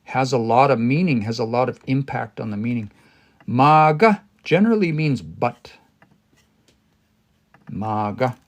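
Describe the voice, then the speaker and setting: Male learner teaching on a live stream, mid-pitched, thinks aloud, frequent pauses and restarts. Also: animated. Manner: thinking aloud, pausing and restarting, reading phrases slowly. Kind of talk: casual live-stream language study.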